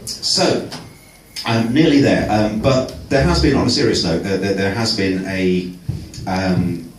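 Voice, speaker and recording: A man's voice: on the low side, distant mic, a little hiss or hum. Self-mocking male stand-up in an echoey club. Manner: self-mocking, halting with fillers. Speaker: stand-up comedian. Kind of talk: stand-up set. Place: comedy club stage.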